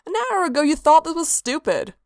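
A woman's voice: high-pitched, very animated, unhurried, a bit bright, no echo, clean studio sound, pitched above the performer's own voice, heavily acted. A woman voicing a bold, teasing female goddess with a casual, cheerful manner. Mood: cheeky.

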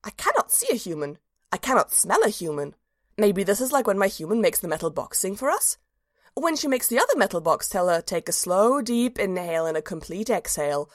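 A woman's voice: mid-range voice, big pitch swings, a little fast, dry recording, studio quality. A woman narrating a storybook in the voice of a cheerful, simple-minded little dog, earnest and childlike.

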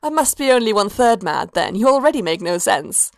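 A wry, sharp-tongued dark elf woman, as a woman reader puts her on, dry and knowing in a storybook reading. The voice has a gravelly, creaky grain and sounds close and dry. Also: medium pitch, big pitch swings, a little fast, dry recording. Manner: dry, wry delivery, slightly above her narration.

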